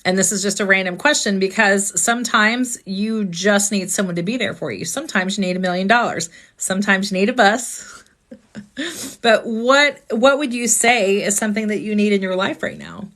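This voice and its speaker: A woman's voice: medium pitch, normal speed, a bit bright. A woman host on a live stream, talking earnestly and asking reflective questions about grief.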